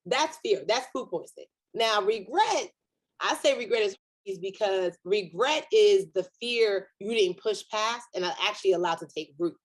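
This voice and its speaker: A woman comedian and author, guest on a virtual panel, talking in an animated storytelling way and acting out inner voices. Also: moderate pace. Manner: animated storyteller, acts out inner voices with big pitch jumps.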